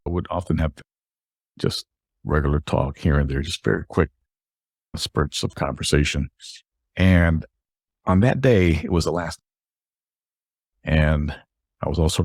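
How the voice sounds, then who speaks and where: Deep gravelly man telling a story. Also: a little mellow, no echo, clean studio sound. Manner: rambling, with frequent restarts. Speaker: podcast host. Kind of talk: personal storytelling monologue.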